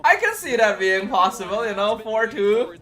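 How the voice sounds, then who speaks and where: A man's voice: high-pitched, lively intonation, moderate pace, bright, forceful tone. A man hosting a live watch party stream, chatting casually and thanking viewers for gifts.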